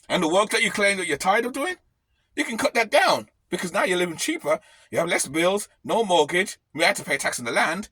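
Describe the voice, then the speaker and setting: A man's voice: high voice, expressive, fairly quick, pushed and bright, breathy edge, no echo. A man ranting bluntly on his vlog from his camper van, swearing freely. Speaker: vlogger.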